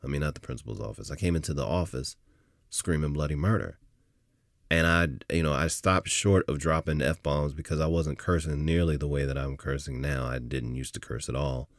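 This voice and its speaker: A middle-aged man hosting a podcast, telling a personal story in an animated, emphatic way that swells as he goes. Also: rumbling low, normal speed, dry recording, studio quality. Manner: animated, emphatic retelling with rising intensity. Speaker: podcast host.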